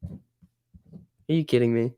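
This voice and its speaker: A man hosting a live stock trading stream, reacting excitedly to price moves and chatting casually with viewers. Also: mid-range voice, slow pace, clear, resonant tone, no room sound. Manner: excitable, exclaiming at price moves, reading chat aloud. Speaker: stock trading livestream host.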